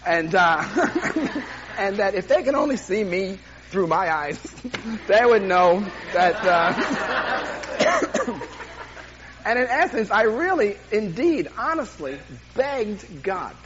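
An older man preaching a sermon, telling a personal story with self-deprecating humor and animated delivery. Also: sits high, slow, long pauses, lo-fi sound, background noise. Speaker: pastor.

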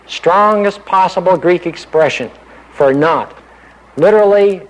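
A man's voice: sits high, animated, normal speed, rough recording. Man preaching a conversational sermon. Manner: conversational Bible exposition with rhetorical questions.

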